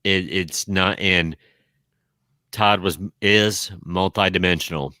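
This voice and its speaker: A man's voice: low-pitched, slow, sharp tone, clear, resonant tone, no room sound. A man co-hosting a podcast, wry and careful, adding hedges and disclaimers as he talks. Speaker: podcast co-host. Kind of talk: casual podcast banter.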